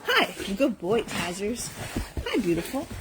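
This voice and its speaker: A woman's voice: mid-range voice, huge pitch swings, unhurried, background noise. A woman who runs an animal rescue, talking casually to her phone camera in a barn full of dogs. She speaks affectionately to the dogs and laughs often. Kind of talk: casual morning vlog. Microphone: handheld phone camera.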